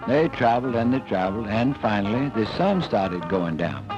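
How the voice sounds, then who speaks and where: A man's voice: lowish voice, expressive, normal speed, over music. Folksy male storyteller, dull old film sound. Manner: folksy, homespun drawl. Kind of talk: folk tale storytelling.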